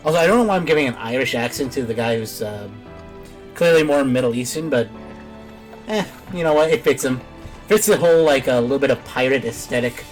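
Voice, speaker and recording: Young male game streamer, laid-back and giggly, middle-pitched voice. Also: lively intonation, fairly quick, faint music behind. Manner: easygoing, laughs often. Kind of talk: casual gameplay commentary.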